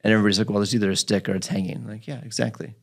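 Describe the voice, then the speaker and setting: A man's voice: fairly low pitch, very fast, gravelly. A man hosting a physical therapy podcast, telling a patient story in casual chat and acting out the patient's lines. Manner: animated storyteller, acts out his patient's lines.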